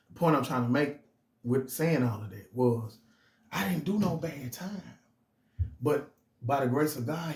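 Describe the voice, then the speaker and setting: A man's voice: medium pitch, darkish tone. A middle-aged man telling his own story in casual, emphatic street slang, often restarting his phrases. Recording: roomy echo.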